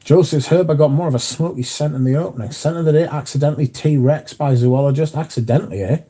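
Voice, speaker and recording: Quick and husky, a man's slightly high, mellow voice carries his casual livestream as he reads viewer comments and swears freely.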